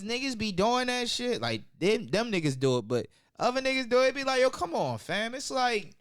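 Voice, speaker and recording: A man appearing as a podcast guest, joking and swearing in lively casual chat. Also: sits high. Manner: animated, profane, joking.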